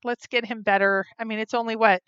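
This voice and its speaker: A woman's voice: on the high side, level tone, brisk, a bit bright, clear, resonant tone, no room sound, muffled recording. A woman hosting a casual live stream, chatting and giggling with many ums while she reads viewer comments aloud into a phone or webcam mic. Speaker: vlog host reading live chat.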